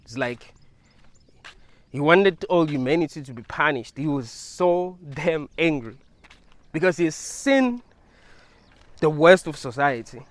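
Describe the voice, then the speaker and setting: Loose, rambling man with a higher voice. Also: animated, slow, long pauses, no room sound. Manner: rambling, loose, laughs often, many fillers. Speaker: video creator. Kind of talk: casual monologue.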